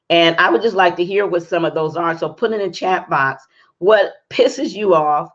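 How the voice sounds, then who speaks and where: A woman's voice: low-pitched, lo-fi sound. A woman hosting a live-stream talk show, chatty and upbeat, greeting viewers by name, her voice strained by a cold. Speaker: talk show host and interview coach.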